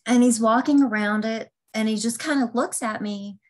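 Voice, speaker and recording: A woman's voice: a little high, normal speed, rough recording. A woman co-hosting a podcast, telling a story in a chatty way with lots of ums and restarts. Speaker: podcast co-host. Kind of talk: casual storytelling.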